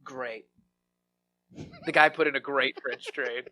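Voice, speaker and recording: A man being interviewed on a podcast, telling comic stories in an animated, rambling way and laughing often. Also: medium pitch, takes it slowly. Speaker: podcast guest, comedy writer. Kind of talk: casual conversation, comic storytelling.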